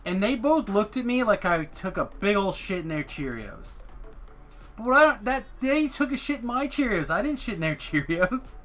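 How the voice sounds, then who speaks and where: A man's voice: high-pitched, big pitch swings, normal speed, fairly bright tone, faint music behind. A man streaming a game, telling a story in casual chat, swearing freely and acting out the people he quotes. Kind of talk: casual storytelling while gaming.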